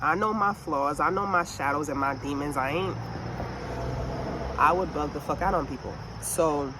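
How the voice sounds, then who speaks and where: A woman venting in a casual monologue, telling a story with lots of swearing and animated asides. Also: sits low, normal speed, noisy background. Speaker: vlogger.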